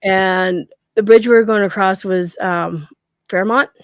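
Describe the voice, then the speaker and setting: A woman's voice: mid-range voice, fairly even intonation, unhurried, no room sound, studio quality. A middle-aged woman telling a story in a casual chat at home, acting out the quoted lines and laughing often. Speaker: guest.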